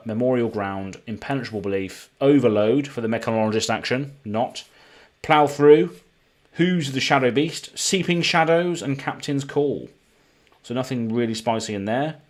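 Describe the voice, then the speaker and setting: A man with a British accent streaming live, chatting casually and reading card names aloud as he opens packs. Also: medium pitch. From United Kingdom. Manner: chatty, reads card names in a running list.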